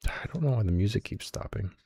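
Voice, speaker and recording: A man's voice: on the low side, animated, quick pace, vocal fry, dark tone, slight background noise. A man running a tabletop game as game master, rambling and searching for words as he describes the action.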